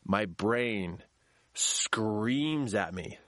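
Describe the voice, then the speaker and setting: A man telling a personal story in a storytelling talk, shouting quoted lines in a high voice. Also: expressive, drawn-out words, no echo, clean studio sound.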